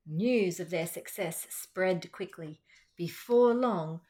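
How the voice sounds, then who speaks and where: A middle-aged Australian woman and teacher reading a picture book aloud to children, with chatty, lively asides. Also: fairly low pitch, takes it slowly. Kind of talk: children's storytime read-aloud.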